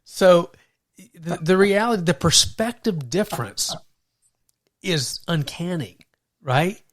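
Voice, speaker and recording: A man's voice: sits high, expressive, slow pace. A man co-hosting a Christian podcast, telling stories animatedly, stumbling and repeating words as he starts sentences. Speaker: podcast co-host. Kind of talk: faith podcast conversation.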